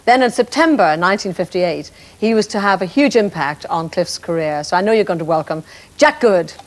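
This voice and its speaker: A Northern Irish woman in her fifties hosting a television chat show, introducing guests and asking questions with a bubbly, warm manner. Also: on the low side, lively intonation, fairly quick, noisy background. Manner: warm, bubbly, laughs easily.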